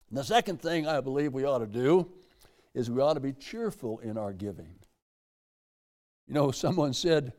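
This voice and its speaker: A man's voice: mid-range voice, animated, a little slow, pauses often, darkish tone. An older man, preaching a sermon in a folksy way, repeating phrases and reading scripture aloud. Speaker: pastor.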